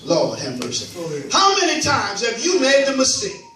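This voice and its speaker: A male pastor preaching an animated sermon, repeating catchphrases to his congregation. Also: extremely high pitch, brisk, a crowd in the background. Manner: animated call-and-response preaching, repeats "watch this". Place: church sanctuary. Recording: echoey church hall from far off.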